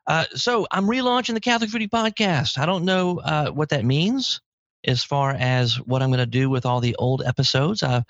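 A man hosting a podcast in casual chat, lively and talkative, with sudden jumps in pitch. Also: normal speed, no echo. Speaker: podcast host. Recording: dry, slightly dull lo-fi audio.

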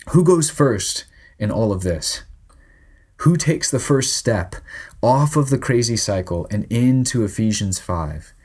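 A man's voice: mid-range voice, darkish tone. A man in his thirties preaching a sermon as pastor, earnest and conversational, often restarting his sentences.

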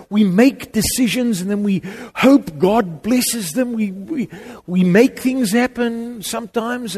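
Brief: middle-aged male preacher, slightly high voice, animated sermon storytelling, loud then hushed. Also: slightly rough. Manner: animated, swings from loud emphasis to quiet intimacy.

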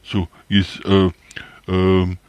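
A man voicing a self-important, pie-eating male creature who calls himself a celebrity and rambles with many halting pauses. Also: low voice, completely flat delivery, darkish tone, smooth, no room sound. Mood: boastful.

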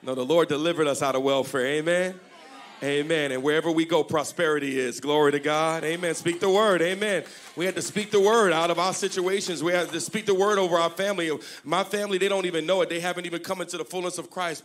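Lively preaching male pastor. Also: on the high side, fast talker, a little hiss or hum. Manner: call-and-response, joking, rising to shouts. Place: church service before a congregation.

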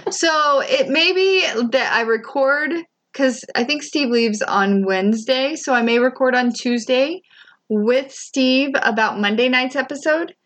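High-voiced chatty woman podcast host. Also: a bit bright. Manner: chatty, laughs often, quick asides. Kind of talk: casual chat recapping a TV show.

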